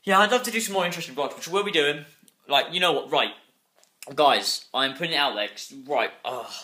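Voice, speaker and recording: A fairly high, sharp male voice comes at a fairly quick clip. The speaker is a young man casually vlogging at home in his bedroom on a handheld phone, restless, rambling and swearing a lot.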